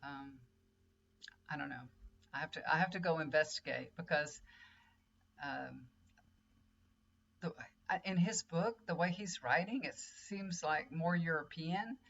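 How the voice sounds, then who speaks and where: A woman's voice: deep voice, measured pace, vocal fry, pauses often, fairly bright tone. A middle-aged woman, a tarot reader and healer rambling in casual chat straight to her viewers. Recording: dull lo-fi audio with faint hum.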